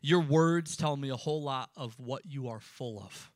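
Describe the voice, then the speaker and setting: A man preaching a sermon to students, emphatic and rising, then dropping suddenly to quiet words. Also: mid-range voice, normal speed, no echo, studio quality. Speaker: pastor.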